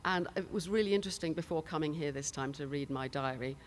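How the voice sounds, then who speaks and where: A woman's voice: low voice, fast, slight background noise. Chatty older British woman telling stories. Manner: chatty, storytelling with laughs and asides. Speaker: conference panelist. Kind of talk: anecdotal conference talk. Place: conference hall stage. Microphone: handheld microphone.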